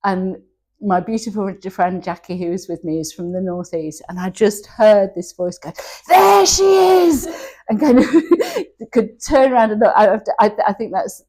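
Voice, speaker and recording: A woman's voice: mid-range voice, moderate pace, warm tone. Candid woman in her sixties. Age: 60s. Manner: candid, emotional, laughing through her story. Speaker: interview guest. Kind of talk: personal storytelling interview.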